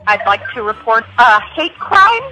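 Woman playing a paranoid caller, alarmed, indignant, high, bright voice. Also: very animated, measured pace, faint music behind, full character voice, low-quality recording. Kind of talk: comedy sketch.

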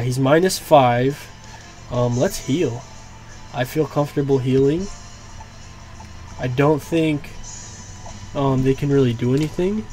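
With faint game music in the background, a gaming YouTuber comments live on his own play. His voice is medium-pitched and mellow, and he reacts to setbacks by swearing, groaning and breaking into frustrated outbursts.

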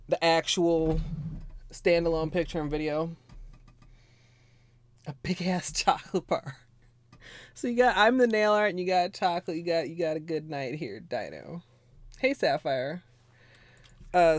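A woman streaming nail art, chatting casually and ramblingly with viewers while a bit under the weather, clearing her throat now and then. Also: low-pitched, dry recording. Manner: rambling, chatty, greets viewers, frequent laughs and fillers. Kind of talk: casual livestream chat.

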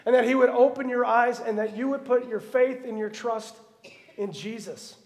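A man preaching a sermon as pastor, telling Bible stories with humorous asides and a lively storytelling manner. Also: extremely high pitch, a little fast, big-room sound. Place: church sanctuary.

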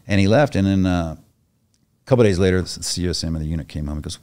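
A man's voice: low-pitched, fast, a little mellow. A middle-aged man, a retired soldier, telling a story as a podcast guest in a blunt, profane, casual way and acting out the other voices in it. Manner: blunt, profane, acts out the voices in his stories.

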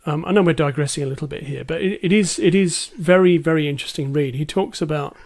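A man's voice: fairly high pitch, fast, creaky, a little mellow. A man co-hosting a casual film podcast, hesitant with many ums but enthusiastic. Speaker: podcast co-host.

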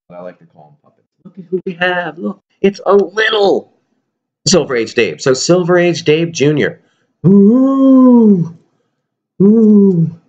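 A man's voice: medium pitch, dull audio. A man vlogging casually to his viewers about his toy collection, rambling and joking. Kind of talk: casual chat to camera.

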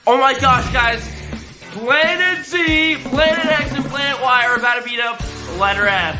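A young man hosting a reaction video, excitable and exclaiming often, constantly addressing his viewers. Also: very high voice, normal speed. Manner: excitable, exclaims often, keeps saying "guys". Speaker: reaction channel host. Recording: background music under voice.

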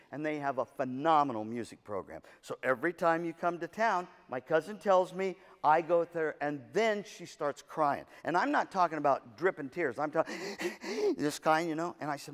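Brief: male motivational speaker, storytelling, acts out dialogue, fairly high voice, reverberant hall. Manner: animated storyteller, acts out quotes, jokes with audience. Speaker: keynote speaker at music educators' session.

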